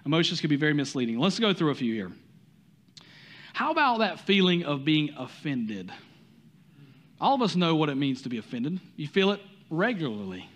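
A man's voice: fairly high pitch, sing-song, moderate pace. A man with a Southern US accent preaching a sermon, talking to the congregation with many rhetorical questions and some stumbles. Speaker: pastor.

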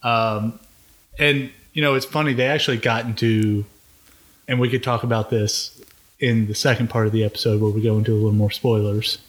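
A man co-hosting a podcast, talking about a TV series in a measured, even-handed way, often restarting his sentences. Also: on the low side. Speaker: podcast co-host. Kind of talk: casual chat reviewing a TV series.

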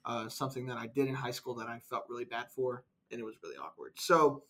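Young male podcast co-host, mid-pitched voice, easygoing storyteller. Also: animated, fast talker, fairly bright tone. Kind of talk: casual chat.

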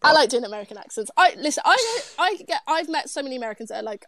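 A woman's voice: sits high, sing-song, rapid-fire, fairly bright tone, dry recording. A young British woman hosting a podcast, telling travel stories in a chatty, filler-heavy way. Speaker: podcast host. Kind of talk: casual podcast chat.

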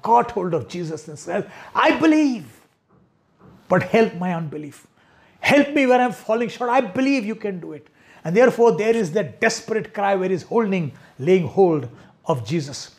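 High-voiced man preaching with animated storytelling. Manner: earnest, animated storytelling with acted-out pleas. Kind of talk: sermon.

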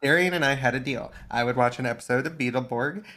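A man's voice: medium pitch, fast, bright, forceful tone. A man co-hosting a casual podcast, teasing the others. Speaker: podcast co-host.

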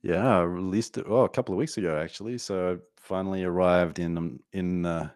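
Author guest, Australian man, 40s, very low voice, dry close sound, playful and animated. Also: a little fast, no room sound. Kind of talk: podcast conversation.

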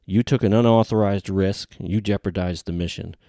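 A man playing a hard-edged team leader who barks his words, loud and clipped, with a low gravelly rasp in a dry close sound. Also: fairly even intonation, moderate pace, dry recording. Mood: angry. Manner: barking orders. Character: stern male team leader, commanding.

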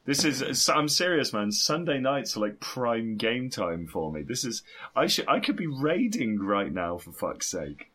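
A man's voice: mid-range voice, big pitch swings, unhurried, hardly any pauses, sharp tone. A man co-hosting a gaming podcast, joking around, swearing freely and laughing often. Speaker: podcast co-host. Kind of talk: casual gaming chat.

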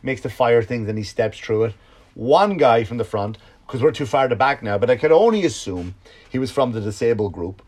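A man, a comedian and podcast host, telling a story in a casual, profane monologue that swings from loud outbursts to low mutters. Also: expressive, fairly quick.

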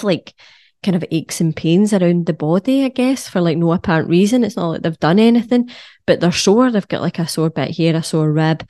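A young woman talks through health topics in a loose, sweary, joking way, breaking into little sung bits and comic voices. Her voice sits low and mellow for a woman, and the sound is dry and close. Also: no echo. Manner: sweary, jokey, animated with sung asides. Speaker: podcast host, wellness coach. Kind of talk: casual solo podcast talk.

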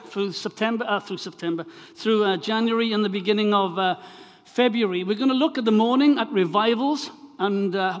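A Welsh man preaching to a congregation, chatty and prone to restarting his phrases before reading scripture aloud. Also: high-pitched. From Wales. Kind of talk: sermon introduction and scripture reading. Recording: long hall reverb.

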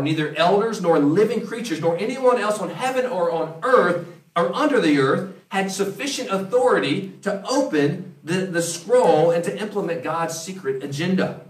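A man preaching a conversational sermon, acting out quoted voices as he goes. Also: high-pitched. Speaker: pastor. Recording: roomy, from a distance.

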